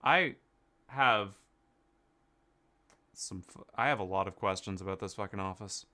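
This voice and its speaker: Bright, joking young male streamer. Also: fairly low pitch, normal speed. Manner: joking, self-mocking. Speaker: gaming streamer. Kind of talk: casual game commentary.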